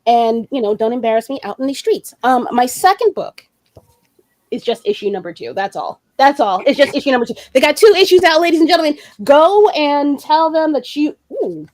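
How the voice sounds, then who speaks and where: Excitable high-voiced woman host. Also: fairly quick, no echo. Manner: excitable, rambling, profane. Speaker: podcast host. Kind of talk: casual chat.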